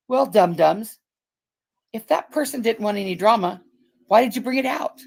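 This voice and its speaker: A woman's voice: medium pitch, brisk, gravelly. Blunt, profane woman ranting. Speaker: livestream host. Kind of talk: casual ranting livestream chat.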